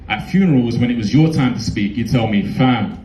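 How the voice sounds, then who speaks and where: A man's voice: medium pitch, expressive, fast talker, mellow, roomy sound, poor audio. A young man with a London accent performing a heartfelt spoken word poem in a rhythmic, rhyming delivery.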